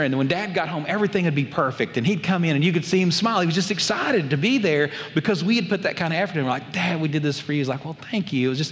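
A man with a drawl delivers a sermon, weaving in a childhood story and acting out family voices. His voice sits fairly high for a man. Long reverb trails behind him, as if he is in a large hall. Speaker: pastor.

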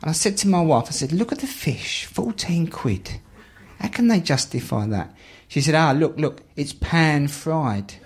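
A man's voice: fairly high pitch, sing-song, normal speed, darkish tone. A man with a London accent telling comic stories with wry, mock-posh asides, then hosting a chat. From southeast London. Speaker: host. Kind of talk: stand-up comedy then group chat. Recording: crowd laughter behind.

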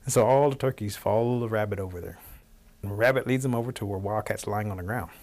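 A man telling a folk tale aloud in a lively, chuckling way. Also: fairly low pitch, fast. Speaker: storyteller. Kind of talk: oral folk storytelling.

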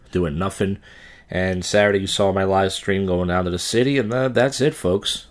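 A man hosting a casual podcast monologue, rambling in a crude, offhand way. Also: low-pitched. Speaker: podcast host and open-mic comic.

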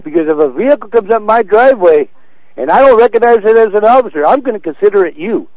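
A man's voice: sits high, expressive, fast talker, darkish tone, no room sound. An older man on the phone, stern and blunt, issuing threats to a caller. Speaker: prank call target. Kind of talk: angry phone call. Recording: dull lo-fi phone line.

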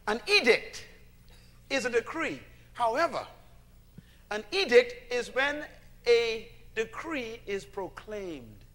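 A man preaches with a high, bright voice that swoops widely up and down. He presses his points emphatically, calls on the congregation to answer him, and breaks into shouts on key lines. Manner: animated, emphatic, with bursts of shouting. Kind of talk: call-and-response sermon.

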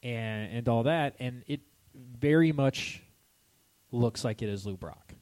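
A man's voice: mid-range voice, slow, a little mellow. A young man co-hosting a podcast in casual chat, rambling with many restarts and frequent laughs. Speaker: podcast co-host.

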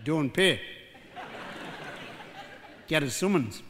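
Drawing out his words, an older man with a Geordie accent from North East England works through a rambling stand-up act, mocking himself and joking with the audience. The voice sits a little high, animated and fairly bright in tone. It was recorded in a live hall with faint crowd sounds and slight background noise.

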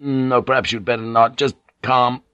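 A man's voice: mid-range voice, steady tone, moderate pace, fairly bright tone, smooth, dry recording, natural voice. A man voicing an anxious young samurai officer in an audiobook, brusque and commanding. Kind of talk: audiobook character reading.

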